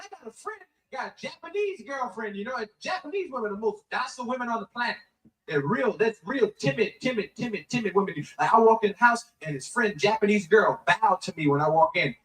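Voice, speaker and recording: A man's voice: very high-pitched, lively intonation, quick pace, a bit bright, reverberant. A male comedian doing a profane stand-up routine, switching into voices to act out characters, played as a clip from far off.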